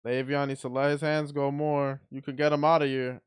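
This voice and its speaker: A man giving blunt, excitable play-by-play commentary on a boxing match as he watches it live. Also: medium pitch, a little fast, clear, resonant tone.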